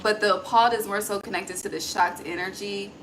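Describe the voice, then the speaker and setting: An intuitive tarot reader gives a chatty, casual card reading, her medium-pitched voice moving fairly quickly through poor audio with steady background noise. She thinks aloud, swears freely, and calls the listener honey.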